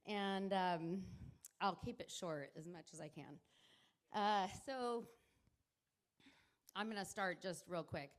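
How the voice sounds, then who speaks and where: A woman's voice: on the high side, a bit bright. A middle-aged woman speaks into a handheld mic at a wedding reception, giving a toast as the groom's mother. She rambles, laughs and tears up as she talks.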